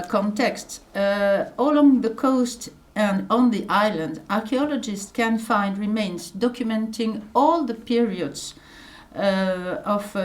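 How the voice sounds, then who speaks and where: A middle-aged woman with a French accent, speaking English as a second language while giving a conference lecture, careful and hesitant with many pauses. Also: mid-range voice, a little mellow. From France. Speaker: archaeologist giving a conference talk.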